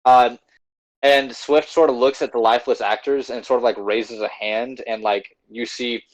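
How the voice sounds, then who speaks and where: Game master guy narrating, lots of likes and ums, mid pitch. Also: fairly even intonation, normal speed, rough recording. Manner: loose, filler-heavy narration.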